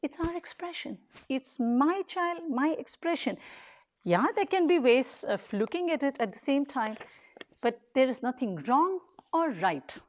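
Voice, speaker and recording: A woman with a high voice gives an earnest public talk. She speaks in short, emphatic phrases and repeats key points as she builds her case. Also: expressive, measured pace. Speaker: daycare leader.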